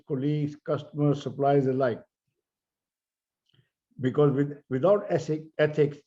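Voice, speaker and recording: An older man with an Indian English accent delivers a measured, earnest keynote, leaning hard on key words. His voice is very dark and mellow. The audio is dull and lo-fi. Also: medium pitch. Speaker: keynote speaker. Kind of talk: conference speech.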